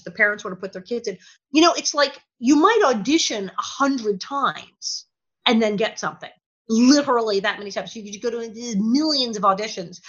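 Brief: woman in her sixties, higher bright voice, animated anecdote teller, slightly dull audio. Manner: animated, laughing, voices quotes. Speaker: guest, former child actor. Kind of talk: anecdotal storytelling.

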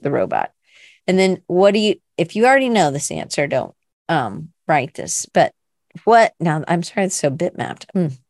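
A woman's voice: lowish voice, dry recording, studio quality. Chatty woman teaching art online. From Canada. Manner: chatty, rambling, many fillers and restarts. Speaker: art workshop host. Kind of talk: casual online art class.

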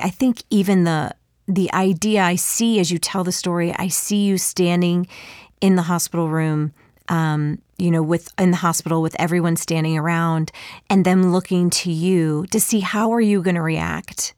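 A woman hosts an interview and warmly affirms her guest's story. Her voice sits fairly low, and the recording is close and dry. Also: no echo. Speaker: podcast host. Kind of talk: interview conversation.

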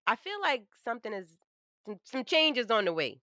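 A blunt, profane woman co-hosting a podcast in casual chat, with strong opinions. Her voice is bright and forward. The sound is dry and close. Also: on the high side, big pitch swings, moderate pace, dry recording. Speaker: podcast co-host.

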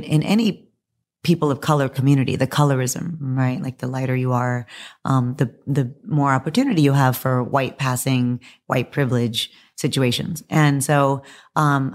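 Hoarse low-voiced woman guest. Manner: animated, laughing, acts out quotes. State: hoarse from press junkets. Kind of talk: casual podcast interview.

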